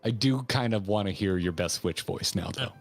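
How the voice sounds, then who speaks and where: A man's voice: lowish voice, moderate pace, soft background music. A man co-hosting a game stream, chatting casually, curious and a bit hesitant. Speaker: co-host.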